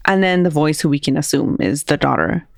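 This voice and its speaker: A woman's voice: deep voice, animated, a little fast, gravelly, no echo, clean studio sound. A woman co-hosting a podcast, casually retelling a creepy radio call and translating its quotes. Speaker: podcast co-host. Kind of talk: casual storytelling chat.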